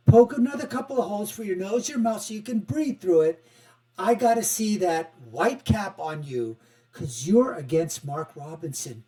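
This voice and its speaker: A man hosting a political commentary show, mocking and animated, swinging from loud outbursts to quiet asides. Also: sits high, moderate pace, poor audio. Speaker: host.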